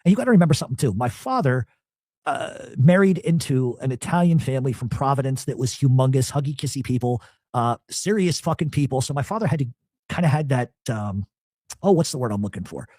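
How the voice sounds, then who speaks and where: Fast, animated man telling a profane story. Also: medium pitch, no room sound, studio quality. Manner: profane, animated, acts out quotes. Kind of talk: casual storytelling.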